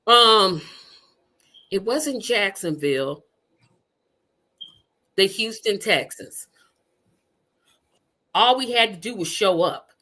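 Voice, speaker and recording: Bright-voiced woman host in her fifties. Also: medium pitch, slow pace, long pauses. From Indiana. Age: 50s. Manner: animated, emphatic, repeats words for effect. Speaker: podcast host. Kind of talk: casual chat.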